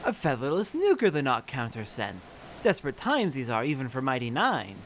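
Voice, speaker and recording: A man's voice: medium pitch, wildly swooping pitch, moderate pace, a bit bright, slight background noise, voice pushed down. A man voicing a grudging birdlike tribal creature that squawks and speaks with inverted word order while reading game dialogue aloud. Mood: instructive.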